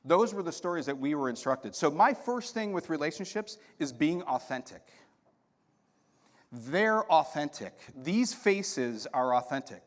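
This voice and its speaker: A man giving a storytelling talk at a conference, acting out voices in his anecdotes. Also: fairly high pitch. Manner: animated anecdotes with quoted dialogue. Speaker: conference speaker. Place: conference hall. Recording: hall reverb.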